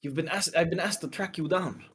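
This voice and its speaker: A man plays a determined bounty hunter in a tabletop game. The hunter's voice sits above the man's normal pitch and sounds tense and stern. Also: a little fast, fairly bright tone, slightly rough. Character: grim male bounty hunter on the hunt.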